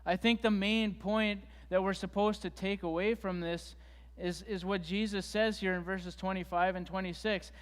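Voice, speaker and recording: Guy giving a chatty sermon, kinda high voice, long church reverb. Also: fairly even intonation, normal speed. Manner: conversational, retelling scripture with fillers and restarts. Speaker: preacher. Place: church sanctuary.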